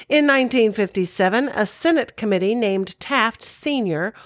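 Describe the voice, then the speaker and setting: A woman's voice: a little high, animated, unhurried, no room sound, clean studio sound. A woman co-hosting a show, chatty and informative, reciting trivia with playful asides. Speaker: podcast co-host. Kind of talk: casual recap with trivia.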